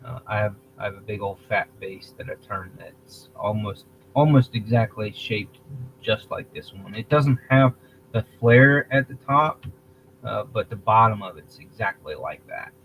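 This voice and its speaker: A man hosting a casual livestream, talking in a rambling, halting way, restarting phrases and clearing his throat. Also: fairly low pitch, narrow, tinny audio, a little hiss or hum. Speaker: livestream host.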